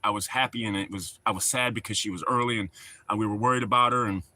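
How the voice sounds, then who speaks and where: A middle-aged man rambles in a folksy way to his livestream chat. His voice is very bright and forward, and the recording is close and dry. He talks in a loose, casual, easygoing manner. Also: on the low side, steady tone, fast, no room sound. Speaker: livestream host.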